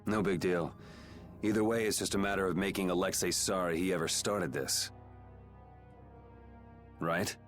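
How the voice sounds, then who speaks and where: A man's voice: sits low, moderate pace, pauses often, faint music behind, lightly acted. An actor voicing a sardonic young male swordsman in a video game, with a dry, curt, dismissive manner. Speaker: game character.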